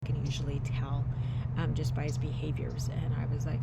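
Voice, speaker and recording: A woman's voice: low-pitched, monotone, moderate pace, gravelly, highs cut off. A woman speaking candidly and conversationally to her viewers about her own experience, with frequent hesitations. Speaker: vlogger sharing personal experience. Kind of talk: casual personal talk to camera. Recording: loud traffic noise outdoors.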